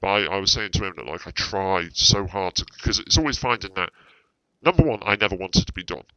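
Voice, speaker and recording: A very deep-voiced man chats in character on a roleplay stream, circling back over his words and swearing freely. His tone is bright and forward, and the sound is dry and close, a little dull and lo-fi. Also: a little fast, no room sound. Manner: rambling, repeats himself, swears freely.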